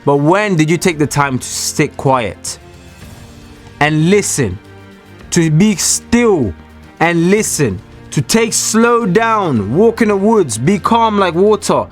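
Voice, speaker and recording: A man giving a preachy motivational talk to camera from a small room, alone, emphatic and repetitive as he addresses the viewers directly. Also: on the high side. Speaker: Christian motivational speaker.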